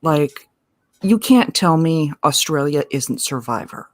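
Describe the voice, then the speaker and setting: A woman guest in a casual livestream chat, opinionated and quick to laugh, often restarting her words. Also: sits low, expressive, no room sound, studio quality.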